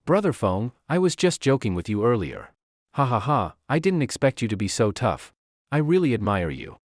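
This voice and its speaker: A man voicing an arrogant young rich man who speaks coldly and threatens people, in a lively, dry voice-over. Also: mid-range voice, normal speed, no room sound. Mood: fake friendly. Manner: sneering, threatening.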